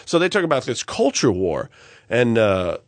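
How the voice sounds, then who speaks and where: A man co-hosting a podcast in casual chat, talking in an animated, ranting way and laughing easily. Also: mid-range voice, normal speed, no room sound. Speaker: podcast co-host.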